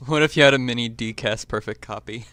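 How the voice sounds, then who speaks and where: A man's voice: medium pitch, fairly quick, pushed and bright, smooth, no echo. A young man co-hosting a live stream, teasing his partner and reading out chat messages. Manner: teasing, reads chat aloud. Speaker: stream co-host. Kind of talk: casual live-stream banter.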